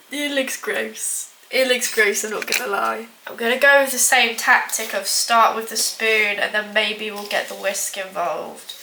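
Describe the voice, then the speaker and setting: A young woman with a high, light voice rambles through a home baking vlog, poking fun at herself and filling every pause with "like". The kitchen sounds echoey, and dishes and pans clatter in the background. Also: fairly even intonation, creaky, background noise. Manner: rambling, self-mocking, full of filler "like". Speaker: baking vlogger. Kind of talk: casual chatty vlog.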